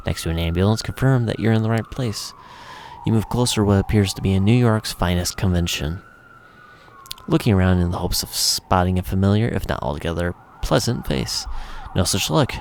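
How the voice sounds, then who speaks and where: A low-voiced man reads a game's narration aloud in a relaxed, conversational way. He drops in offhand comments between passages. A faint hiss sits under the voice. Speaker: gamer reading a visual novel aloud. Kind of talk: reading game text with casual asides.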